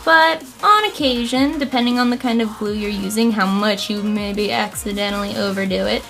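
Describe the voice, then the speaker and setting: A woman's voice: medium pitch, moderate pace, vocal fry, a bit bright, soft background music. A woman hosting a makeup tutorial, chatting casually and explaining each step with self-deprecating asides. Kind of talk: casual how-to talk.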